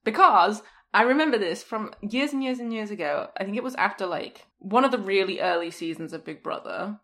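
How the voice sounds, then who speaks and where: Woman chatting on a podcast, animated, rambly. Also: medium pitch, fairly quick. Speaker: podcast co-host. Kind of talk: casual chat.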